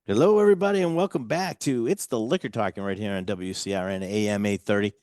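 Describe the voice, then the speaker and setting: Chatty low-voiced male radio host. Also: fast, a little mellow, clear, resonant tone, no room sound, studio quality. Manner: chatty, rambling with many restarts. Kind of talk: casual radio chat.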